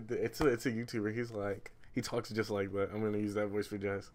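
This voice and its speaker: A man's voice: on the low side, flat delivery, brisk, hardly any pauses. A male streamer reading a story game aloud, breaking off with rambling, self-mocking jokes and laughter.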